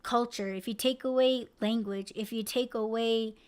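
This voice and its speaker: A woman's voice: fairly high pitch, fairly even intonation, moderate pace, a little mellow, clear, resonant tone. A woman podcast host in casual chat, rambling with lots of fillers and swearing freely. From United States.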